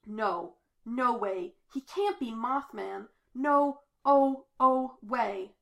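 A woman's voice: a little high, expressive, unhurried, a bit bright. A woman voicing a nervous, skeptical young boy who is anxious and easily exasperated. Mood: panicked. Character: nervous, skeptical twelve-year-old boy.

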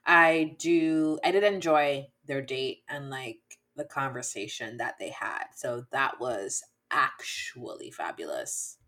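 A woman's voice: very deep voice, slow pace, few pauses, pushed and bright. A woman co-hosting a podcast, chatting casually and bluntly, laughing often and acting out what people said. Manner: blunt, laughs often, acts out quoted lines. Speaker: podcast co-host. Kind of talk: casual chat.

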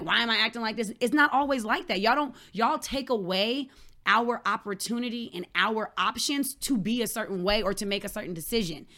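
A woman's voice: on the high side, fairly bright tone. Argumentative woman in casual group talk. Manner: argumentative, interrupts to push her point.

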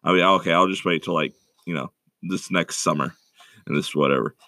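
A man's voice: sits low, a little fast, bright, forceful tone, no echo, studio quality. A young college-aged man co-hosting a podcast, rambling in a self-mocking way in casual chat. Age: young adult. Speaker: podcast co-host.

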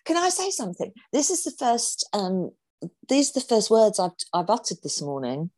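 A woman's voice: medium pitch, wildly swooping pitch, normal speed, darkish tone. Giggly, teasing woman co-host. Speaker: podcast co-host. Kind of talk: casual chat. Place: on a video call.

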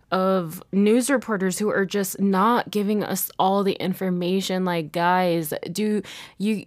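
A young woman talks alone into a close podcast mic, fired up and swearing freely. She keeps restarting and trailing off mid-thought. Her voice sits at an everyday middle pitch in a dry, deadened room. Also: no room sound. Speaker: podcast host. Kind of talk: casual solo podcast monologue.

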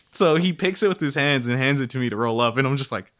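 A man's voice: medium pitch, fast talker. A man in his twenties telling a story in casual chat, laughing and acting out quoted lines. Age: 20s. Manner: laughing animated storyteller with lively quoted voices.

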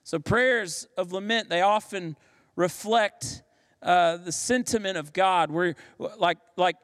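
A man's voice: high voice, moderate pace, a bit bright. A man preaching a sermon as pastor, emphatic and given to rhetorical questions. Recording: long reverb of a large hall.

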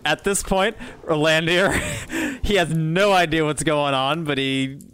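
A man chatting casually as a player in a tabletop game, animated and chatty. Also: a little high, measured pace, smooth.

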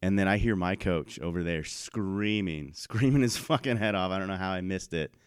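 Man, deep voice, laid-back podcast storyteller, dry close recording. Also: normal speed, smooth, dry recording. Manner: laid-back, laughs often. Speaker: podcast co-host. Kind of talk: casual storytelling chat.

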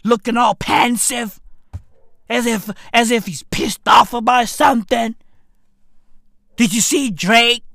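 Brief: exasperated female comic, high voice, mocking and swearing. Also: takes it slowly, gravelly, pauses often, a bit bright, no echo, clean studio sound. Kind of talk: profane comedic rant.

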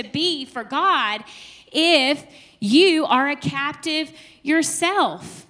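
This is a young woman teaching a Bible study in a relaxed, conversational way. Her voice sits high and sounds bright and clear. She talks to the group like friends, lively and chatty, with frequent laughing asides. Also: very slow.

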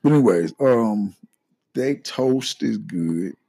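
A man's voice: on the low side, lively intonation, slow pace, dark tone, no room sound. A man co-hosting a casual podcast from St. Louis, joking and repeating himself as he talks. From St. Louis, USA. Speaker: podcast co-host. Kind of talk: casual chat.

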